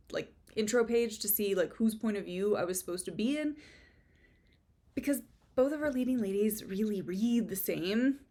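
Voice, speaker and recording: A woman's voice: mid-range voice, darkish tone. A young woman giving a casual, chatty book review, with sarcastic asides and frequent fillers.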